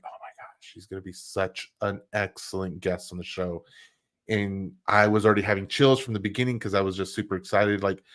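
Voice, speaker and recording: A man's voice: on the low side, a bit bright. A man hosting a podcast livestream, chatting casually with an upbeat, rambling, enthusiastic manner. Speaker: podcast host.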